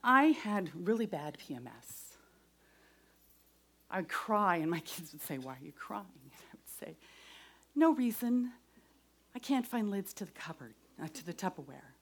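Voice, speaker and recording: A middle-aged woman giving a devotional talk and personal testimony, earnest, moving between raised voice and soft whispers. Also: mid-range voice, very animated, measured pace, pauses often. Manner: earnest, shifts from loud to whispered.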